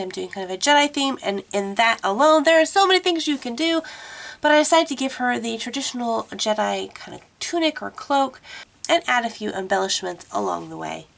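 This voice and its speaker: Stuffy-nosed woman with a gravelly edge. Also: on the high side, a bit bright. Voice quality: congested, nasal. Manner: chatty and apologetic, with fillers. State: stuffed up from a cold. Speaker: art tutorial host. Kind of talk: casual voiceover narration. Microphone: voiceover mic.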